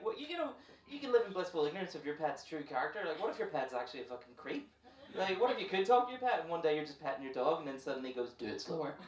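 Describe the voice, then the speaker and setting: A man's voice: a little high, far from the mic. Northern Irish stand-up guy in an echoey club. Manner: playful, self-mocking, riffs with the crowd. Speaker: stand-up comedian. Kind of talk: stand-up comedy set. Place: comedy club stage. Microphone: handheld mic. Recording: echoey club, from afar, with crowd noise.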